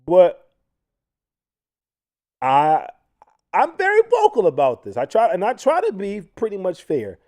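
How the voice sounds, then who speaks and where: A man's voice: high voice, a little slow, long pauses. A man hosting a casual commentary livestream who talks to viewers directly and often restarts his sentences. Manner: animated, frequent restarts, addresses viewers as y'all. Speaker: livestream host.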